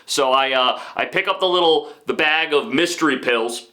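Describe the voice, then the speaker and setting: A man's voice: on the high side, normal speed, bright, forceful tone. A man hosting a comedy podcast, telling a rambling story with self-aware asides. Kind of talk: comic storytelling.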